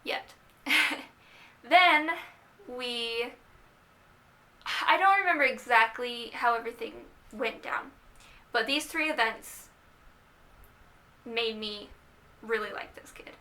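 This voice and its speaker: A young woman casually telling the story of how she started dating, chatty and animated, quoting herself and others as she goes. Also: on the high side, takes it slowly, long pauses. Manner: chatty, animated retelling with quoted asides. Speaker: vlogger.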